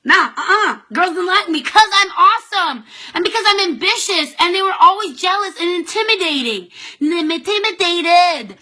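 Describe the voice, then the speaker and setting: A woman's voice: extremely high pitch, expressive, moderate pace, pushed and bright. A Canadian woman who talks in a bubbly, chatty way, giving casual motivational business advice in a vlog and acting out her conversations with others. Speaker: direct sales consultant giving business advice.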